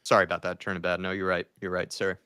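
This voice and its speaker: A man co-hosting a football fan watchalong, reacting to the match and reading out chat with sardonic, animated complaining. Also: sits low, fast talker, clear, resonant tone, no echo, studio quality.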